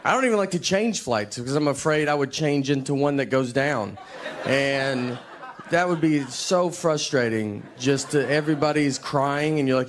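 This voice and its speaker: A man performing a stand-up comedy set, telling stories in a laid-back deadpan way before a live audience. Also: medium pitch, normal speed, background noise.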